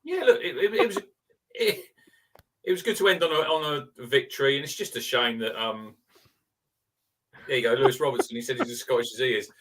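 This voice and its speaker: A man co-hosting a casual live fan chat, speaking earnestly and in measured terms, often restarting his sentences. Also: mid-range voice, animated, far from the mic, background noise. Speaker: fan show co-host.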